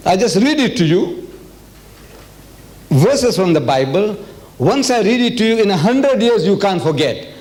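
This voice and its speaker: An older man from South Africa giving a religious lecture to an audience, animated and rhetorical, often putting questions to the listeners. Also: sits high, measured pace, long pauses. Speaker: Islamic lecturer.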